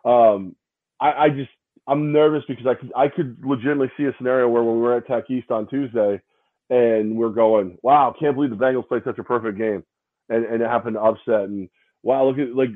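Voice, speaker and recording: Speaking a little fast in a steady, medium-pitched voice, this sports podcast co-host is hungover and rambles, repeating himself and imitating others. He's apart from his co-host, and the line sounds tinny, like a phone.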